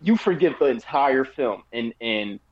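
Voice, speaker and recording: A man's voice: mid-range voice, lively intonation, measured pace, muffled recording. A man co-hosting a casual chat, rambling through a movie review with many fillers and restarts, while he has the hiccups. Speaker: podcast co-host giving a movie review.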